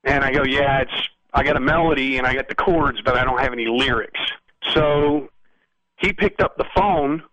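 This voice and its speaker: Male musician guest, bright forceful storyteller, rambling and animated, dry close sound. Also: medium pitch, normal speed, no room sound, highs cut off. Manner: frequent "you know what I mean". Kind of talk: casual storytelling interview.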